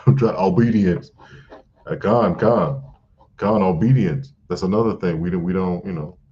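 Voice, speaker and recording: A male teacher leads a live-streamed religious class, preaching in an animated way with repeated phrases and casual asides. His voice is deep and slow, and the stream audio sounds dull.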